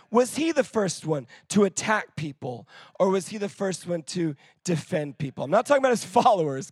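A man's voice: high voice, slightly rough, dry recording, studio quality. A man preaching a sermon to a church congregation and leading call-and-response.

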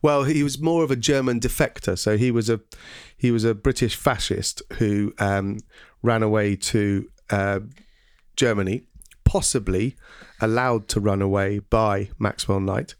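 Guy hosting a history podcast, low voice, lots of ums, dead dry sound. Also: steady tone, unhurried, clean tone, no room sound. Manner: hesitant, lots of ums, quizzes his co-host. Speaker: podcast host. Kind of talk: casual educational podcast chat.

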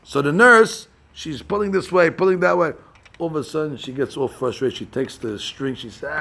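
A man's voice: mid-range voice, fairly quick, gravelly, slight background noise. A man teaching a Torah class, telling stories and acting out little scenes many restarts. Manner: animated storyteller acting out scenes; frequent restarts and fillers.

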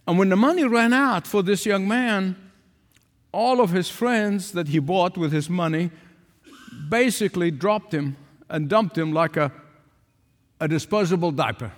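A man's voice: sits high, unhurried, pauses often. An older man preaching a sermon, emphatic, repeating phrases for stress. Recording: long hall reverb.

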